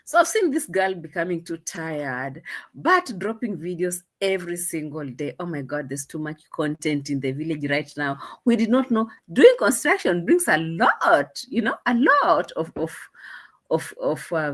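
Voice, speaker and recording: Chatty Kenyan woman, lively voice. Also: lowish voice, measured pace. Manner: chatty, mocking, laughs often. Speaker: vlogger. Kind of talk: casual commentary vlog.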